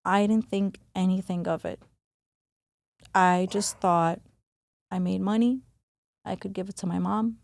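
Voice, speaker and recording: A woman's voice: mid-range voice, fairly even intonation, unhurried, gravelly, long pauses, a little mellow, dry recording. A woman guest on a podcast, speaking candidly and earnestly in a conversational interview, stressing words as she reflects.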